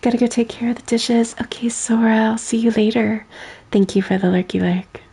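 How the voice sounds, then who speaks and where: A woman streaming a game in a soft-spoken ASMR style, quietly reading in-game text and chatting with viewers, often giggling. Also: on the high side, fairly even intonation, a little fast, breathy edge.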